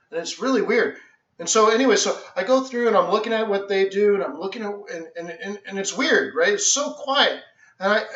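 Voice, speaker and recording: A man with a high, bright voice tells a story with lots of excitement, jumping into other people's voices. The sound is roomy and echoey, and slightly dull, like a lo-fi stream. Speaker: trading educator and host. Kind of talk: animated storytelling on a live stream.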